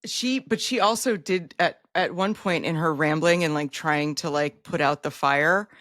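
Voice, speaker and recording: A woman's voice: deep voice, moderate pace, a bit bright, no echo, clean studio sound. A woman co-hosting a podcast, chatting casually and adding thoughtful asides. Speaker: podcast co-host. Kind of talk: casual chat.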